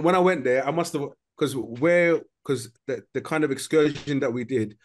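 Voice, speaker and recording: Un homme d'âge moyen à l'londonien raconte une anecdote avec entrain, dans une discussion décontractée de podcast. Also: male voice, medium pitch. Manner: animated storytelling, lots of slang. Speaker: podcast co-host. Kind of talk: casual chat.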